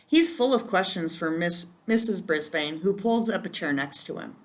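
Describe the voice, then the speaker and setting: A woman reading a first-person children's chapter book aloud in a gentle storytelling manner. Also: lowish voice, animated, moderate pace, hardly any pauses. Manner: gentle, storytelling, occasional slips. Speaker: reader.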